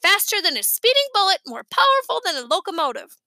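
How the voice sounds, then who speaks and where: Excitable cheeky little boy, high and bright, storybook, a woman doing the voice. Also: fast talker, no room sound, full character voice.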